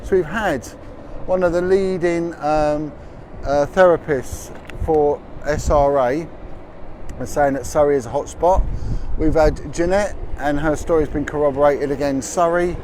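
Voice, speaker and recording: This man's voice sits a little high, with a steady, darkish tone and measured pace. He hosts a casual livestream on a windy street, reading out figures between asides, while wind, traffic, and street noise fill the noisy recording.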